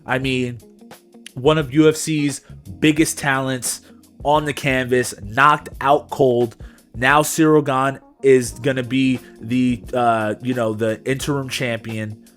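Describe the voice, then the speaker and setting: A man's voice: mid-range voice, fairly even intonation, slow pace, a bit bright, soft background music. A young man co-hosting a podcast, recapping fights in casual, slangy chat and adding his own punch sound effects. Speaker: podcast co-host.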